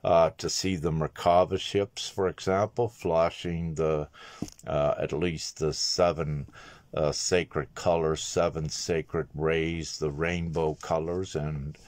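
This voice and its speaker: Slow, deep-voiced man giving spiritual guidance. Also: little pitch movement, darkish tone, no echo. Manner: measured, halting delivery with frequent filler pauses. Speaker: spiritual teacher. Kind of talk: monologue video message.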